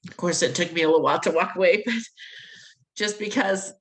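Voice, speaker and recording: A woman's voice: fairly low pitch, fairly quick, low-quality recording. A middle-aged woman telling a personal story in an interview, acting out the voices she quotes and laughing between lines. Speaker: interview guest.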